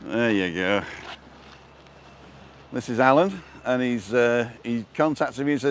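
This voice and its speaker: Strolling along a seafront promenade, this vlogger chats and reads out comments from viewers, recorded on a wireless lapel mic. He speaks in a mid-range voice, animated but a little slow.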